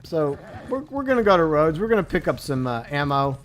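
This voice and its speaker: Man, high voice, live game stream commentary, joking, mock-sentimental, sudden outraged outbursts. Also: big pitch swings, brisk, slight background noise.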